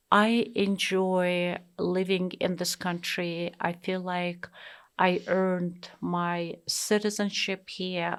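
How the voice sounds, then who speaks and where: A middle-aged woman from Russia with a Russian accent, speaking in an interview in an earnest, emphatic way with halting fillers and restarts. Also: fairly low pitch, clean tone. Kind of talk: personal interview storytelling.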